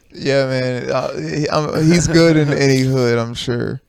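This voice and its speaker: A man with a Southern American accent co-hosting a comedy podcast, relaxed and joking, laughing a lot and acting out quotes. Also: medium pitch, takes it slowly, vocal fry, clean tone, no echo. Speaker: podcast co-host. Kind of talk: casual chat.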